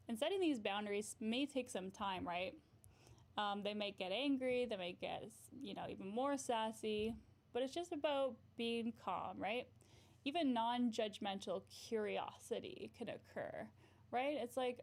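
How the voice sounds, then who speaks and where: Gravelly-voiced woman therapist chatting casually. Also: a little high, unhurried. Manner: frequent "right?" tag questions, laughs often. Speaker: therapist and livestream host. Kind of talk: casual livestream advice chat.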